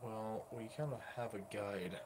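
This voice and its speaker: A man playing a tabletop game, excitable and joking with the others. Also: lowish voice, unhurried, background noise. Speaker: player.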